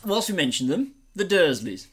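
A man with a voice a touch higher than most, chatting casually with a friend. He gushes with eager enthusiasm and leans into his praise. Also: big pitch swings, moderate pace, husky. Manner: enthusiastic, gushing. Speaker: podcast co-host. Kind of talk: casual chat.

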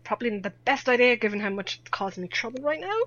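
A woman's voice: fairly high pitch, animated, quick pace, a bit bright, no room sound. Irish woman, young adult, chatty guest who laughs a lot; muffled lo-fi audio. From Ireland. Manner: chatty, laughs often, self-deprecating. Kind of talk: casual chat. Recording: dull lo-fi dry audio.

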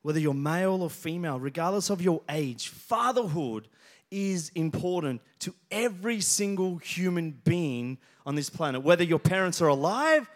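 A man's voice: fairly high pitch, animated, normal speed. A man, preaching a sermon and telling funny stories to his congregation. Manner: joking storyteller, talks to the congregation by name. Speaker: pastor. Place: church hall with congregation.

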